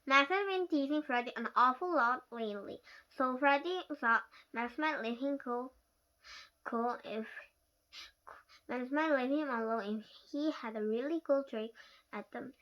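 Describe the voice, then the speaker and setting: A child reading a storybook aloud, voicing a polite, calm young boy who speaks carefully. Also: high-pitched, unhurried, lo-fi sound.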